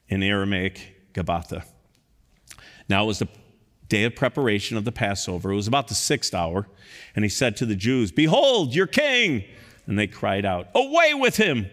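A man preaching with a fairly low voice that climbs high and loud when he presses a point. His words ring out with the long reverb of a large hall. He reads scripture aloud and comments on it like a pastor. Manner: impassioned, rising to loud emphatic peaks. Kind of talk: sermon.

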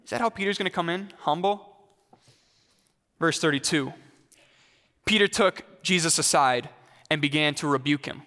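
Bright-voiced male pastor preaching. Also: fairly high pitch, normal speed, pauses often, in a large hall. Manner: conversational, questions the congregation directly. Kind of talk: sermon.

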